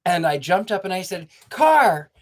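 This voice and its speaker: A man's voice: medium pitch, measured pace. Older man reading stories, sentimental. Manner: warm, sentimental, rambling asides. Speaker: storyteller host. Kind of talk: reading a children's story aloud, then chatting to viewers.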